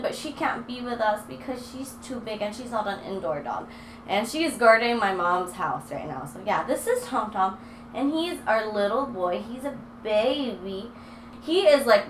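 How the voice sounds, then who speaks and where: A woman's voice: a little high, a bit bright. A young woman talking casually to camera in her apartment, chatty and bubbly, sometimes short of breath from holding a heavy dog. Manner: chatty and bubbly, baby talk to her dogs. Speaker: vlogger. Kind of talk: casual vlog talk to camera. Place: apartment room, indoors. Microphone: handheld mic, then set down away from her. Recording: echoey room with faint noise.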